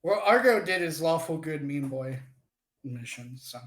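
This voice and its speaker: A man playing a tabletop game in a low-key, laid-back way. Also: animated, a little slow, fairly bright tone, echoey room. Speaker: player. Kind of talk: casual tabletop play.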